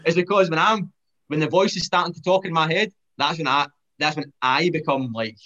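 A man talks quickly as a guest on a casual podcast. He speaks with lots of restarts and pitches his voice a little high. The recording sounds dull and lo-fi. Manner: fast, animated, repeats himself with restarts. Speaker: podcast guest, fitness trainer. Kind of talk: casual chat.

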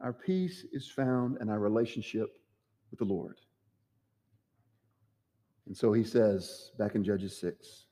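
A man's voice: on the low side, takes it slowly, long pauses, mellow, long reverb tail. A man preaching a sermon as pastor, acting out the quoted voices with dramatic swings. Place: church sanctuary.

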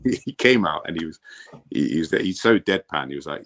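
A man who used to play professional football, chatting casually as a podcast guest and telling stories in a relaxed way, often repeating words as he restarts a thought. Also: sits low, brisk.

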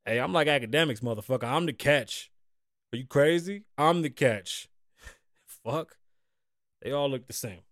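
A man in his forties hosting a casual podcast, with profane, animated trash talk. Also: medium pitch, moderate pace, pauses often, dry recording, clean studio sound. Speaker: podcast host.

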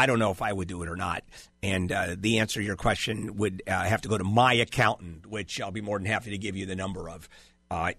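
Brisk, animated male radio host. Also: lowish voice, dry recording. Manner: blunt, impatient, interrupts callers. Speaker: radio legal advice host. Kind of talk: call-in radio advice.

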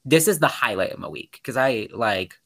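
A man's voice: medium pitch, moderate pace. A young man co-hosting a podcast, telling indignant stories in casual chat and quoting people sarcastically. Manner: animated, indignant, quotes people in sarcastic voices. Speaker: podcast co-host.

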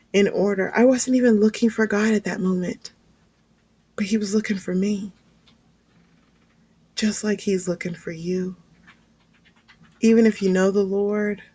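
A woman giving a sermon-style testimony, telling her story in a lively way with frequent laughs and fillers. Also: medium pitch. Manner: animated storytelling, laughs often, many fillers. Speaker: speaker sharing testimony.

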